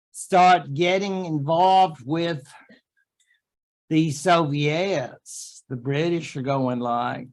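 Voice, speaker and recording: Slow-talking male history lecturer. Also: fairly high pitch, fairly bright tone. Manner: chatty, joking asides with quick put-on quotes. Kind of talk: classroom lecture. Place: classroom.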